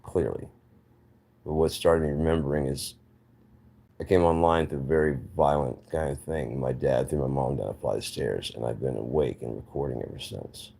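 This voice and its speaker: A man's voice: rumbling low, steady tone, moderate pace, creaky, mellow, husky. A man talking casually on his own channel, giving rambling, opinionated takes with frequent restarts. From United States. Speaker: channel host. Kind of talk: casual monologue to camera.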